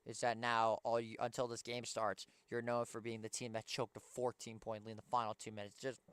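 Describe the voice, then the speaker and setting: A man's voice: mid-range voice, completely flat delivery, fairly quick, a bit bright, slight background noise. A young man hosting a pregame basketball show, ranting as a frustrated fan and sounding tired. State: tired, yawning. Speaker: sports show host.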